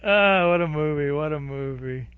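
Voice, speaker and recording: A man's voice: on the high side, normal speed, smooth, no room sound, phone-quality sound. A man co-hosting a podcast, chatting casually in an offhand, often laughing way. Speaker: podcast co-host. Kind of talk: casual movie recap chat.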